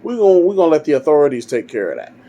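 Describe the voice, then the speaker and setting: A man's voice: fairly high pitch, big pitch swings, racing, dark tone. A man voicing a cautious, worried farmer husband who tries to reason his way through things.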